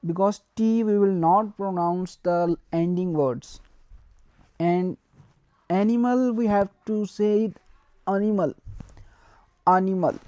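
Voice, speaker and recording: A woman's voice: medium pitch, dark tone, no echo, highs cut off. A woman teaching a beginner language lesson, repeating each word and spelling it out letter by letter. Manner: slow, repeats words and spells them letter by letter.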